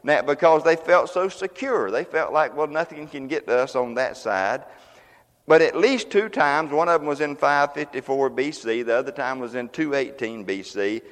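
A man preaching a sermon as pastor, folksy and conversational, now and then breaking into loud exclamations. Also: mid-range voice, long reverb tail. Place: church sanctuary.

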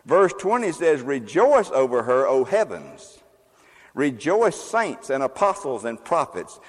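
A man preaching a sermon as a pastor, emphatic and fiery, with loud exclamations and quieter asides. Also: mid-range voice, sing-song, unhurried, big-room sound.

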